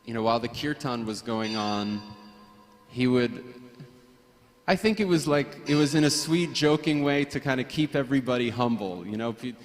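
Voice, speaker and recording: A man sharing personal memories at a memorial gathering, hesitant, with frequent restarts and soft laughs. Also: mid-range voice, normal speed, long reverb tail, soft background music. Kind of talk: personal reminiscence.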